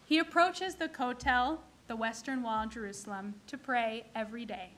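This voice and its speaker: High bright woman giving a sermon. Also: normal speed. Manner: storytelling, acting out characters in jokes. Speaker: clergy leading a service. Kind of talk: sermon with jokes. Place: synagogue.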